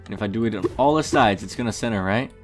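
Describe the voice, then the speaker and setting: A man's voice: on the low side, fast talker, faint music behind. A young man giving comedic, mock-arrogant gameplay commentary, brash and swearing often. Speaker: gaming youtuber.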